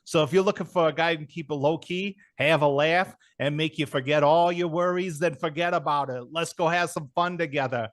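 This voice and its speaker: A man's voice: on the high side, steady tone, fairly quick, few pauses, a bit bright, close to an everyday voice. A man playing a brash, laid-back Brooklyn guy with a put-on New York accent, swaggering and leaning on a catchphrase. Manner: keeps repeating a catchphrase, swaggering.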